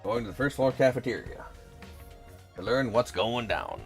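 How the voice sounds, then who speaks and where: A man's voice: mid-range voice, moderate pace, faint music behind. A man streaming a video game and reading its narration and dialogue aloud in a casual way. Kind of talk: reading a visual novel aloud.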